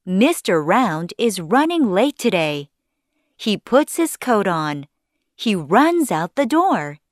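Female storybook narrator, slow and clear, animated pitch, dry close mic. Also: no room sound. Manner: simple, clearly spaced sentences.

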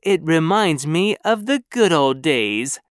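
A storybook reader voicing a gentle, polite little old lady with white hair and a cane, speaking softly and apologetically. It is recorded close and dry. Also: medium pitch, very animated, takes it slowly, no room sound. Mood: sweet. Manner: soft, apologetic and sweet.

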